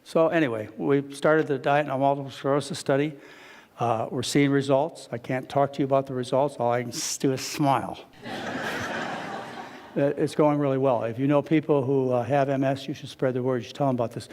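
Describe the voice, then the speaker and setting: A man giving a live lecture as a physician, telling stories with animated quotes and asides to the audience. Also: mid-range voice, brisk, a little hiss or hum. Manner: animated storytelling, quotes others with raised voice. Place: lecture hall. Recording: long reverb of a lecture hall.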